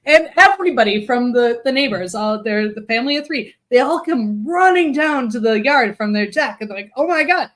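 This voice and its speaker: A woman chatting casually on a podcast, telling an animated story and swearing freely. Her voice sits a little high. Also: fairly quick, few pauses. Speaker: podcast co-host. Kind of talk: casual chat.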